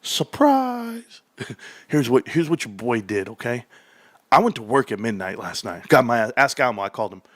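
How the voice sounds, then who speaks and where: A man in his thirties hosting a stock livestream, ranting excitedly and telling rambling stories. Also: fairly quick. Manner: hyped, rambling, loud swings, laughs often; lower storytelling mode.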